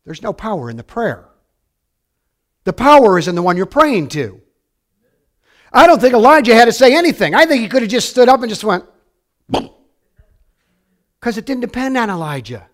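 Pastor, male, high-pitched, preaching with lively swings between soft and loud delivery. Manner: animated storytelling with wide swings from quiet to loud. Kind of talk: sermon.

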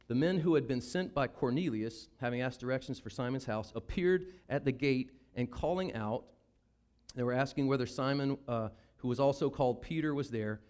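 A man with a Southern US accent preaching a sermon, acting out the Bible characters' lines. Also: mid-range voice. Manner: animated, acts out Bible characters in voices. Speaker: pastor.

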